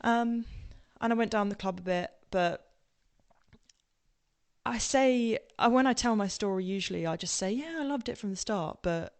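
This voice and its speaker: A young Englishwoman with a posh southern English accent tells her story casually as a podcast guest, full of ums, tangents and laughter. Her mid-range voice is clear and resonant, and she speaks at a moderate pace.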